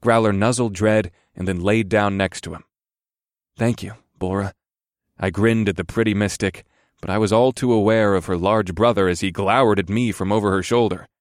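A man reads a first-person fantasy story with measured, wry delivery. His voice sits low, and the recording is close and dry, with no room around it. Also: steady tone, dry recording. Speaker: audiobook narrator.

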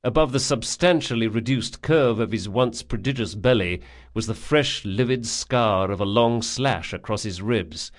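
A man reading a novel aloud in an expressive, measured storytelling manner. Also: lowish voice. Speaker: audiobook narrator. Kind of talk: audiobook narration.

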